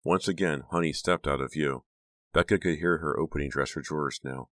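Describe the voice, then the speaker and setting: Very deep-voiced man reading an audiobook. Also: brisk, fairly bright tone, no room sound, clean studio sound. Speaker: audiobook narrator. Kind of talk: scripted narration.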